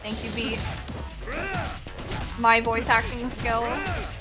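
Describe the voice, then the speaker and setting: A woman's voice: fairly high pitch, extremely slow, over loud music. A woman streamer playing a game and making playful asides. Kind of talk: let's play commentary.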